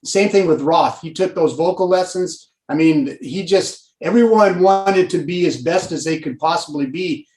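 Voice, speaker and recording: Man in his sixties, fairly high voice, rambling storyteller, echoey room. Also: normal speed, hardly any pauses. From Pasadena, California. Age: 60s. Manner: rambling, animated, lots of fillers. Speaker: guest. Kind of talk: casual storytelling.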